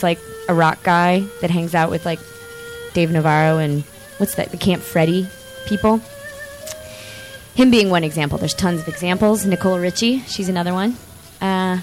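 Chatty rambling woman host. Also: on the low side. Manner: chatty, rambling, lots of fillers; excitable, animated outbursts. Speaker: podcast host. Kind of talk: casual chat.

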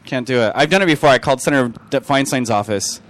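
A man's voice: medium pitch, quick pace, a bit bright. A man co-hosting a community radio music show, bantering and joking, sometimes putting on silly voices. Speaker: radio co-host.

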